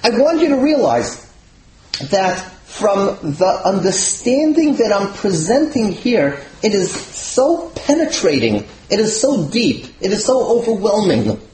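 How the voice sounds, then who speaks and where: Rabbi guy giving a torah class, fairly high voice that swoops all over, echoey room with a bit of hiss. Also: unhurried, hardly any pauses. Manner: animated, swings pitch when voicing quoted sages. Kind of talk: Torah lecture to students.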